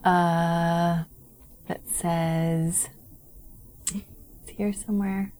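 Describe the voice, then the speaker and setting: Animated woman co-hosting a parenting chat. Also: fairly low pitch, drawn-out words. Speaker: parenting podcast co-host. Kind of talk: casual chat.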